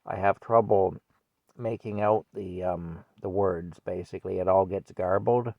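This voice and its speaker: A man's voice: deep voice, fairly even intonation, measured pace, vocal fry, dry recording. An older man from Canada telling a rambling story at home, chuckling and breaking off often. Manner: rambling, chuckling, self-interrupting. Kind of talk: casual storytelling vlog. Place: indoors at home with a cat. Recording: dry, dull lo-fi mic.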